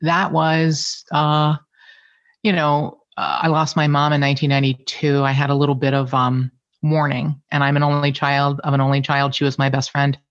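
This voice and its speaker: A woman's voice: low voice, normal speed, dry recording, dull audio. Candid middle-aged woman telling stories. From Cincinnati area, Ohio. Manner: candid, animated storyteller who curses freely. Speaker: guest. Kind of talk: casual conversation.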